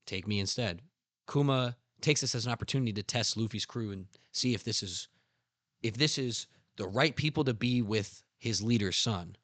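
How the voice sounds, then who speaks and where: A young man hosting a casual podcast who talks excitedly, swears a lot and acts out scenes. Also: mid-range voice, moderate pace, no room sound. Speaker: podcast host. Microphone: studio podcast mic.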